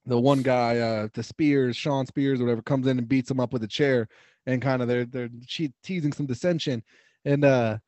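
A man's voice: mid-range voice, a little mellow, dry recording, highs cut off. A man co-hosting a podcast in casual chat, laughing often, swearing freely and retelling scenes with quotes. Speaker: podcast co-host.

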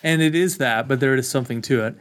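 A man's voice: mid-range voice, fast, a bit bright. Dry self-deprecating young co-host man. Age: young adult. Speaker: podcast co-host. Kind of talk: casual chat.

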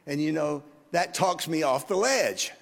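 Man in his 50s preaching, high voice, long church echo, earnest and chatty. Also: animated, unhurried, gravelly. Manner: earnest, conversational, asks the congregation questions. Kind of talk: sermon. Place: church sanctuary.

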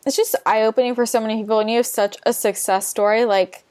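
A woman interviewer in a casual conversation, warmly affirming her guest with short responses. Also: on the high side, steady tone, quick pace, no room sound.

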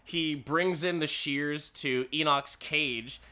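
A man casually recaps a story in a slow, unhurried way, swearing freely and laughing as he goes. His voice is bright and clear with a fairly high pitch for a man. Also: steady tone.

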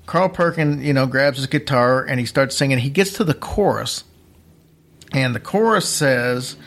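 A podcast host with a medium-pitched, slightly bright voice tells a story in a loose, rambling way. He keeps restarting his sentences, and his pace speeds up and slows down unevenly as he chats along.

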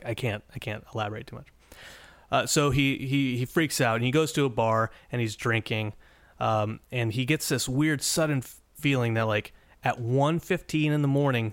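Male podcast host, casual and rambling, average pitch, dry close recording. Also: dry recording. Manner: rambling, many restarts and fillers. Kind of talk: casual episode recap.

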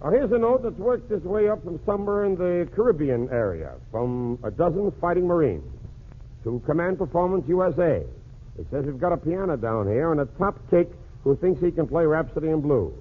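A man's voice: a little high, animated, brisk, breathy edge. A man hosting a 1940s radio comedy show, cracking jokes through a one-sided phone call. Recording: tinny old radio broadcast with faint hiss.

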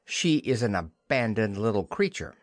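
A man's voice: lowish voice, sing-song, normal speed, dry recording, clean studio sound. A man voicing a prim, motherly young girl who talks in a earnest, lightly scolding way.

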